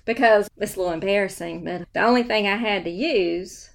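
A woman hosting a podcast, telling a story in a chatty, animated way on a studio microphone. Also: medium pitch, fairly quick, creaky. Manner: chatty, animated, addresses listeners as y'all. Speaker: podcast host, real estate agent. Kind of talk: casual storytelling. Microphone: new studio microphone.

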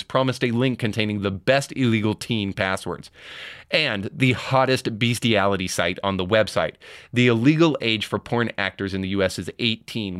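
Male podcast host with a lowish voice, recorded dry. He reads out quotes, then comments on them. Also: a bit bright, no echo. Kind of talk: opinion commentary.

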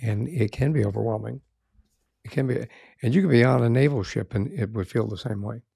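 A man hosting a podcast, reflecting in a measured way on the guest's story. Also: medium pitch, gravelly, mellow, breathy edge, no room sound, clean studio sound. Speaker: podcast host. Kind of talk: interview chat.

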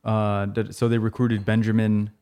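A man with a fairly low voice co-hosts a casual music podcast. He talks in a relaxed, agreeable way and adds quick asides to the conversation. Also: clean tone. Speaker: podcast co-host.

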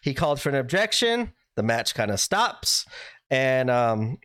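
A man's voice: mid-range voice, sing-song, measured pace, a bit bright, no echo, rough recording. A man co-hosting a casual podcast, animatedly retelling matches and acting out quoted lines. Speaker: podcast co-host.

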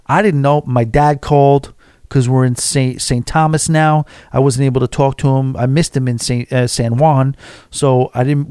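A man in a vlog, telling a story in a chatty, animated way and acting out what people said. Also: medium pitch, dry recording, clean studio sound. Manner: animated, chatty, acts out quotes. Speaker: vlogger. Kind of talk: casual storytelling.

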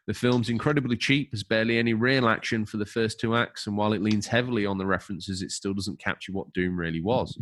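Low-voiced guy on a podcast, wry and chatty, reading stuff out. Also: fairly bright tone. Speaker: podcast co-host. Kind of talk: casual podcast chat, reading out a listener's overview.

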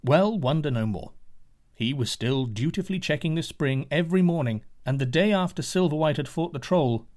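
A man's voice: fairly high pitch, expressive, normal speed, darkish tone. Man narrating a fairy tale. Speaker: storyteller.

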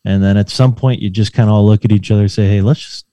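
A man hosting a casual interview, explaining calmly and affirming his guest. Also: on the low side, racing, dry recording.

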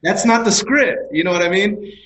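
A man's voice: sits high, moderate pace, a bit bright, reverberant, poor audio. A man in casual podcast conversation who talks emphatically and eagerly, often repeating his words.

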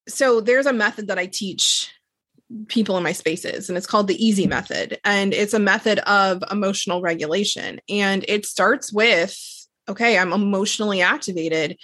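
An earnest woman coach explaining ideas in relaxed podcast talk. She slows down on the points she wants to land and keeps a steady, mid-height voice. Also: medium pitch, dry recording. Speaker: emotional regulation coach. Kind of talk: casual podcast conversation.

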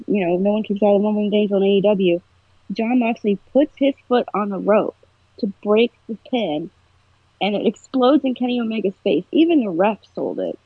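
A woman's voice: medium pitch, no echo. A woman chatting casually on a podcast, telling a story with emotion and animation. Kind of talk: casual chat. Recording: husky voice over a tinny phone-like line.

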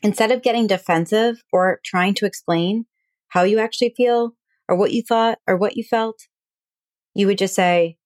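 A woman hosting an advice podcast as a relationship coach, talking calmly and plainly through examples. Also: medium pitch, a little fast, no echo, clean studio sound. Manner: calm, explanatory, acts out example dialogue.

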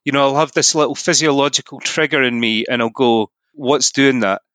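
Bright-voiced Scottish man explaining. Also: medium pitch, fast, no room sound. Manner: earnest, explanatory, frequent "you know". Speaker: podcast guest, mindset coach. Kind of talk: casual podcast conversation.

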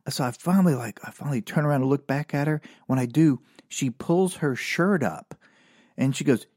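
A man's voice: mid-range voice, lively intonation, fairly quick, dry recording, studio quality. A man telling rambling, profane, self-mocking comic stories live as a podcast host.

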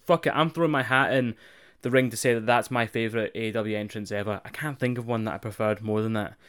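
A man chatting casually as a podcast co-host, swearing freely, excitable and rambling as he talks things through. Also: lowish voice, fast, smooth. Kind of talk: casual wrestling review chat.

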